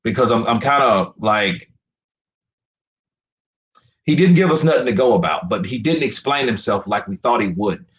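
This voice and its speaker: A man talks straight into his stream, frustrated and emphatic, repeating himself as he swears his way through a rant. His pitch jumps around a lot, and the room behind him is echoey. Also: lively intonation, moderate pace, pauses often. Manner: emphatic, profane, repetitive. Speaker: boxing commentator streamer. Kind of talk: live stream commentary rant.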